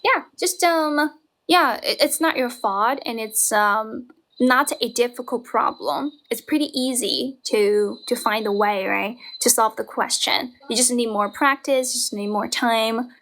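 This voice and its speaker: Chinese-accented woman coaching english live from her grandma's house, keeps asking "right?", voice sits a bit high. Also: measured pace, fairly bright tone. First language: Mandarin Chinese. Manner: encouraging, probing with tag questions. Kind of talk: live-stream coaching chat. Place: home room, grandmother's house.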